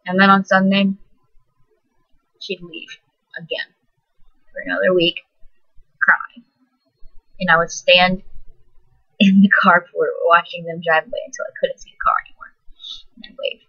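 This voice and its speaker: A teenage girl telling a personal story in a soft, halting, emotional way. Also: fairly low pitch, flat delivery. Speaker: vlogger. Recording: dull lo-fi recording.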